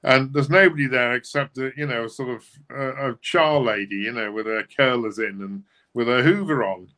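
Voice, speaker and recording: A man co-hosting a music livestream tells a long anecdote in a chatty, rambling way full of fillers. His voice is bright and forceful. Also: mid-range voice, moderate pace. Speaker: livestream co-host. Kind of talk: casual anecdote telling.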